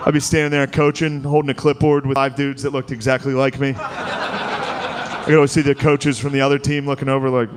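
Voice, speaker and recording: A man's voice: mid-range voice, flat delivery, brisk. A man doing a stand-up comedy set, telling stories in a crude, profane and laughing way. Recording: noisy live recording.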